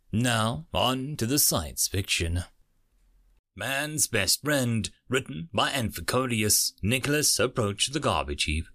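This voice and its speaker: A man reading a sci-fi short story aloud as host of a narration channel, with expressive delivery. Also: mid-range voice.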